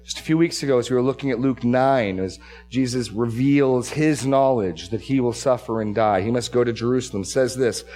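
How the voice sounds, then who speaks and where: A man's voice: mid-range voice, brisk, mellow. A man preaching an expository sermon as pastor. He stresses key phrases, repeats words and restarts his sentences.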